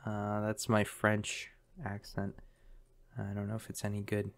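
Low smooth man thinking aloud. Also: completely flat delivery, takes it slowly. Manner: thinking aloud, chatty, many ums. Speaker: game streamer. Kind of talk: casual game commentary.

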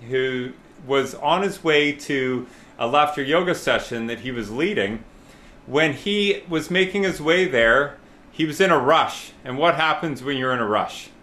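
A man's voice: mid-range voice, bright, forceful tone. A man leading a laughter yoga class, giving playful step-by-step instructions and breaking into hearty laughs. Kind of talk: guided group laughter exercise.

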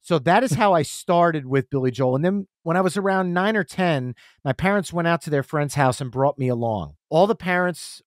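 A man in his forties, guesting on a podcast, tells stories in casual chat and animatedly acts out what people said. His pitch is fairly high, and the recording is dry with a clean studio sound.

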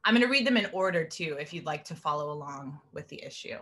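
A woman poet at an online reading who chats gratefully with many fillers before reading her poems slowly. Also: low-pitched, animated. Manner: warm, grateful chat with frequent fillers. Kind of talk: poetry reading with spoken introduction. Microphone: video call.

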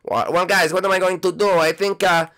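A man's voice: high voice, fairly even intonation, fairly quick, a bit bright, clear, resonant tone. A man voicing an anxious, lovesick young hero who whines and stammers, in a Minecraft role-play.

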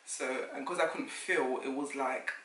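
A young woman, telling a lively story to camera as a vlogger and acting out what others said. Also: a bass voice, measured pace, slight background noise. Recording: roomy sound, mic at a distance.

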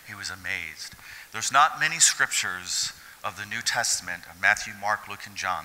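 Bright-voiced preacher man in a hall. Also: lowish voice, moderate pace. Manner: expressive preaching, swinging from hushed to shouted. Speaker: pastor. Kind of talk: sermon. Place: church hall. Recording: long hall reverb.

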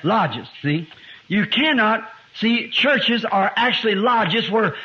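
High-voiced preacher on an old muffled tape. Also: male voice, expressive, slow pace. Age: 50s. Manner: rises to loud emphatic preaching, drops to quiet asides. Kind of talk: sermon. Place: church before a congregation. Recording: muffled lo-fi 1960s sermon tape.

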